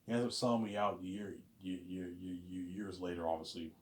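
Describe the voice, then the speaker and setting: A man with a lowish voice tells a long story off the cuff, rambling from one scene to the next. He stumbles and repeats himself, tagging his sentences with the same filler again and again. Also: a little fast. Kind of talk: casual spoken storytelling.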